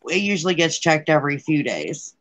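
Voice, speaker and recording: A woman's voice: low voice, very animated, fairly quick. A woman chatting casually on a crafting live stream from her dining room, laughing often. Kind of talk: casual chat.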